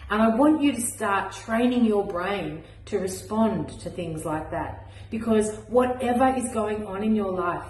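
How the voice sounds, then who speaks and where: A woman's voice: medium pitch, animated, measured pace, hardly any pauses, darkish tone, slight background noise. Earnest encouraging woman in an echoey room. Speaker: mindset coach. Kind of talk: motivational message to camera.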